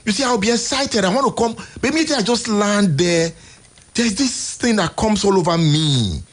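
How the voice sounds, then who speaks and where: A Nigerian man hosting a radio show, giving emphatic, exasperated commentary in a husky voice. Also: high voice, animated, normal speed. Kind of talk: impassioned on-air commentary. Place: radio studio.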